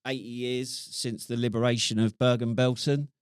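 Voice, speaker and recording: A man's voice: mid-range voice, little pitch movement, normal speed, clean tone, no room sound, clean studio sound. A middle-aged man co-hosting a podcast, reacting bluntly and steering the chat. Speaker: podcast co-host, army veteran. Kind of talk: casual chat.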